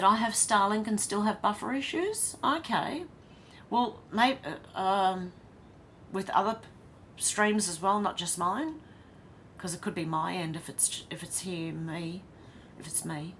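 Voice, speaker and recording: A woman's voice: mid-range voice, fairly bright tone, slight background noise. Chatty Australian woman live-streaming. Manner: chatty, laughs often, blunt and swears. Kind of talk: casual live-stream chat reading comments.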